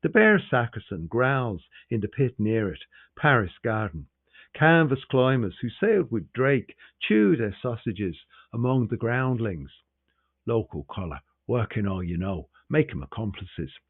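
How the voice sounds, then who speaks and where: A man reading a novel aloud in a measured, expressive way. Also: medium pitch, breathy edge, no room sound. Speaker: reader. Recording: tinny, phone-like sound.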